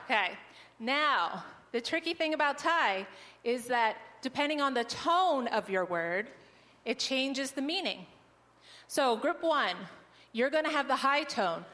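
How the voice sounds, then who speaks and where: A woman's voice: sits high, animated, measured pace, bright, forceful tone. A woman leading an audience through a group exercise, cheerful and teacherly, laughing often. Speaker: missionary presenter. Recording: long hall reverb.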